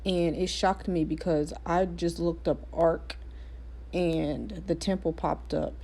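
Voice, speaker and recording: Excitable woman telling a story. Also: lowish voice, slow, creaky. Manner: animated, excitable, laughs often, repeats herself. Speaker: vlogger sharing spiritual experiences. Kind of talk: casual storytelling.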